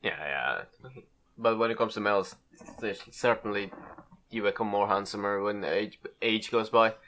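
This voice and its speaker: A man's voice: fairly low pitch, normal speed, a bit bright. A man in his early twenties hosting a casual podcast chat, joking and laughing often. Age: 20s. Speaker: podcast host.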